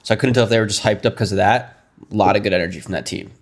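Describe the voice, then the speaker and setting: A man's voice: fairly low pitch, racing, creaky. A man co-hosting a podcast, talking eagerly about sports in a chatty, hedging way. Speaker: podcast co-host. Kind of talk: casual chat.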